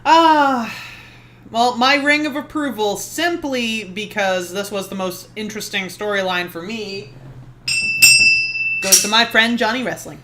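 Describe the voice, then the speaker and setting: A woman co-hosting a podcast, chatting casually about wrestling, excitable and laughing often as she acts out her own reactions. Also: medium pitch, unhurried, background noise. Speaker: podcast co-host. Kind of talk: casual wrestling review chat.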